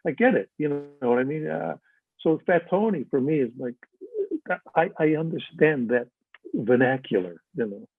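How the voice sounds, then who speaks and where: A man's voice: fairly high pitch, normal speed, vocal fry, dry recording. An older man chatting as a guest, telling stories animatedly and slipping into other voices for quotes. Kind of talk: casual storytelling chat. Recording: dry, tinny phone-like line.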